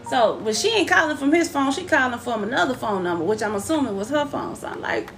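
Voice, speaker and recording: A woman telling a personal story in a casual, profane, animated way, acting out the people she quotes. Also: high-pitched, fast, vocal fry, hardly any pauses, faint music behind.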